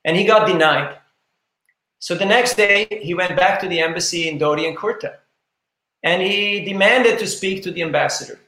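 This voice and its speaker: Male podcast guest, earnest storyteller, repeats himself, fairly high voice, echoey room. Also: moderate pace, sharp tone. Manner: anecdotal, earnest, frequent repetitions. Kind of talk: storytelling interview talk.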